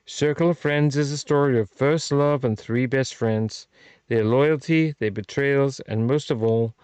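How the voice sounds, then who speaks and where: A man's voice: medium pitch, measured pace, a little mellow, clean tone, no room sound, lightly acted. A man reading a movie blurb aloud in an overdone put-on Irish accent, like a storybook narrator. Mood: hammy.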